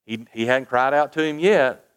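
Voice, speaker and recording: In a clean-toned, mid-range voice at a moderate pace, a man preaches, reading scripture with mounting emphasis. Between passages he falls to quiet asides and poses rhetorical questions to the congregation.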